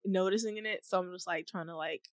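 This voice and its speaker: A young woman hosting a faith-based podcast, talking in a rambling, heartfelt way with many fillers, at times near tears and laughing softly. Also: lowish voice, fairly even intonation, brisk, no room sound. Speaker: podcast host.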